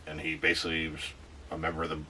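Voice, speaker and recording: A man with a very low voice gives a casual, animated movie recap, tossing in quick asides. He sits a little back from the microphone, so his voice sounds slightly distant. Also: breathy edge. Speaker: movie reviewer.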